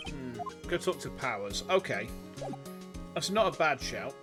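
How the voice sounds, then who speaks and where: A man's voice: mid-range voice, big pitch swings, a little slow. A man streaming a game, chatty and rambling, with a sore throat. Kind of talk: game livestream chat. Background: background music.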